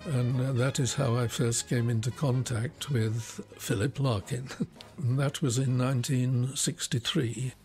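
A man in his nineties recalling his life in an unhurried interview, often pausing with "uh". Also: mid-range voice, fairly even intonation, a little mellow, soft background music. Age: 90s. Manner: unhurried storytelling, frequent pauses with "uh". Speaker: interviewee, retired scientist and magician. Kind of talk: reminiscing interview.

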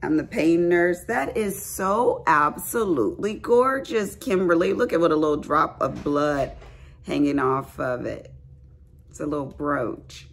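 A middle-aged crafting vlogger chats folksily with viewers during a craft haul filmed in her bedroom at home. Her voice sits low and creaky, and she speaks a little slowly.

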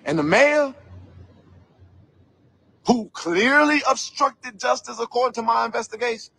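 A man's voice: very high voice, lively intonation, moderate pace, sharp tone, breathy edge. A man giving an angry vlog commentary rant, heated, profane and emphatic. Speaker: commentator investigating a local scandal.

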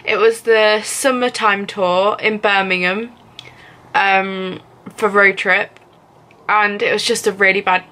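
A woman's voice: mid-range voice, fairly even intonation, slow pace, pushed and bright. A young woman from England vlogging casually to camera, rambling with many fillers and frequent giggles. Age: young adult.

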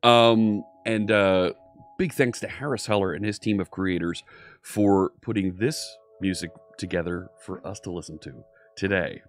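A man's voice: low-pitched, a little slow. Upbeat man hosting a coding stream. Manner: upbeat, greets viewers by name, jokes. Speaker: live stream coding teacher. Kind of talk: casual live-stream chat.

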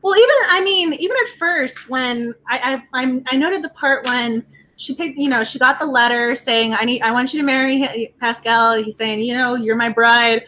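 A woman co-hosting a casual book club discussion, animated and reading quoted lines aloud with feeling. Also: sits high, moderate pace.

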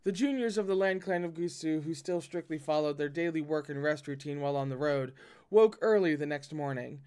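A man's voice: on the high side, a little fast, a little mellow, clean tone. A man reading a novel aloud and breaking off to react in a dramatic, swearing manner. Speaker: audiobook reader and reactor.

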